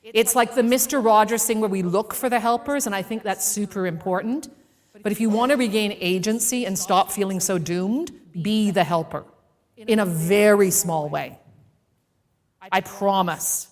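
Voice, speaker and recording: A woman speaker telling a personal story to a live audience in a playful, animated way, acting out the voices in it. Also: mid-range voice, in a large hall. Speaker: keynote speaker. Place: event venue with a live audience.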